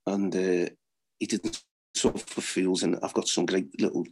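Middle-aged ex-footballer, husky voice, blunt and laughing anecdotal guest. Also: male voice, deep voice, steady tone, a little slow, a little mellow. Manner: blunt, swearing, laughs at own stories. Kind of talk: anecdotal storytelling.

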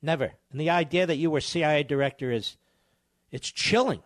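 Man, talk radio host, combative, scornful, higher-pitched voice, dry close sound. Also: fast talker, no echo. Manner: scornful, hammering repetition, insults opponents.

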